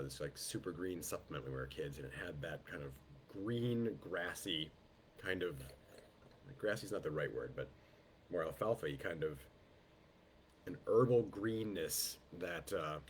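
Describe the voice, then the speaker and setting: A man with a very low voice, made deeper by a head cold that has settled into his throat. He leads a wine tasting over a video call, describing aromas slowly and thoughtfully and greeting each guest by name. A faint hum of noise sits under the call audio. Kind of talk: live online wine tasting.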